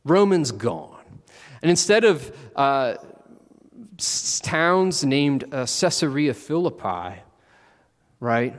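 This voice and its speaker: A man preaching a sermon, telling the story with animated, acted-out quotes. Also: medium pitch, slow. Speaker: pastor. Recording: long reverb of a large hall.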